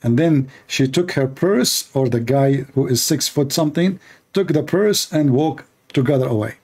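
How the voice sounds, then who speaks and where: Answering questions from viewers, a man delivers a casual, sarcastic, mocking monologue in English with non-native grammar. His voice is medium in pitch and a little mellow with a breathy edge, at normal speed.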